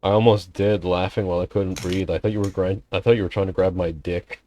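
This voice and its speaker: A man's voice: low voice, level tone, fairly quick, a little mellow, a little hiss or hum, lightly acted. A man voicing a chubby, playful young male ram in a visual novel, with a teasing, wisecracking manner. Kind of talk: reading a visual novel aloud.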